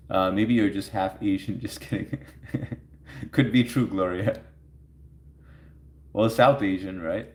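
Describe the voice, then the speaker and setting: A man with a lowish, darker voice hosts a livestream, chatting casually with his audience, laughing often and reading their comments out loud. The room he's in sounds echoey.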